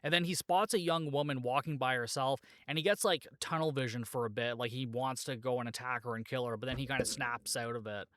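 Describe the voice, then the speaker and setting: A man hosts a podcast in a medium-pitched, fairly bright voice, talking a little fast with few pauses; the studio recording has no echo. His movie-plot retelling is rambling and filler-heavy, peppered with "like" and jokey asides he laughs at himself.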